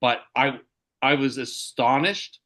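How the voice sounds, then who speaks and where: A man, a podcast host, telling a story in a casual, halting way with many restarts. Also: mid-range voice, a bit bright.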